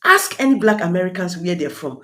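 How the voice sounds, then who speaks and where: A woman's voice: on the low side, a little fast. A woman from Africa hosting an opinion vlog, speaking in a pointed, questioning way. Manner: pointed, questioning, lively delivery. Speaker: vlog host.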